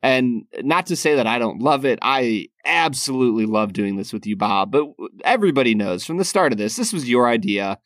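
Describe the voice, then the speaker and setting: Podcast cohost guy, teasing and deliberate, lively pitch, dry sound. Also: no echo. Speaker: podcast co-host. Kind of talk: casual chat.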